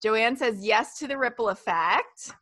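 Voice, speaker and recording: A woman in her thirties hosting a live stream, talking in a chatty, animated storytelling way. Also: on the high side, unhurried. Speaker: host. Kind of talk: casual live-stream chat.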